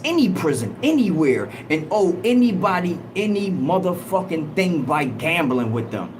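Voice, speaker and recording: Animated man telling a prison story. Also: high-pitched. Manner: animated, emphatic street talk with profanity. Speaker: host. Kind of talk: livestream storytelling. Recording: noisy background ambience.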